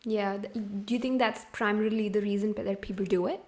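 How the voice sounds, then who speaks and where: A woman's voice: medium pitch, fast talker. Woman co-host asking questions. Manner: asks questions in a relaxed way. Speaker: podcast co-host. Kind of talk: casual podcast chat.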